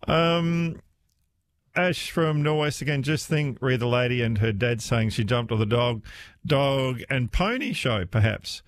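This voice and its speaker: A man's voice: medium pitch, unhurried. A man hosting a talkback radio show, chatting and inviting listeners to call in.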